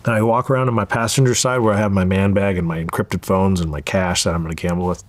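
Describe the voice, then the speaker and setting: Brief: low male voice, thirties, animated storyteller, dry studio sound. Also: fast talker, dry recording. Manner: animated storyteller acting out quoted dialogue. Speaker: interview guest. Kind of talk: storytelling interview.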